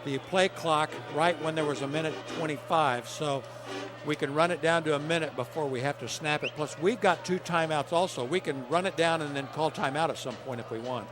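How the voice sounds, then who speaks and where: A man giving folksy, analytical color commentary for a high school football game from a stadium booth. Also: brisk, over music.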